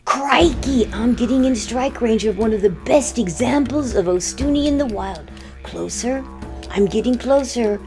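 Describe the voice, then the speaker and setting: Woman putting on an aussie wildlife guy creeping up on his prey, hushed and breathless, voice pitched up high, a bit off the mic outside. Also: measured pace, soft background music. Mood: thrilled. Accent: put-on Australian. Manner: hushed, breathless stalking narration. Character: excitable Australian male wildlife presenter stalking prey.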